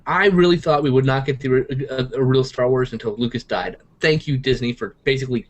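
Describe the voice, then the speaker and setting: A man's voice: mid-range voice, fairly quick, muffled recording. A man co-hosting a livestream in casual chat, ranting with sweary, mock-outraged energy. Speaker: livestream co-host.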